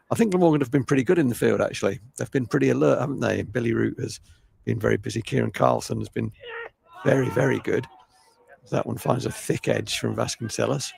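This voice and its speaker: A man's voice: fairly low pitch, creaky, a little mellow. A man commentating live on cricket, chatty and rambling, with a self-deprecating way of talking.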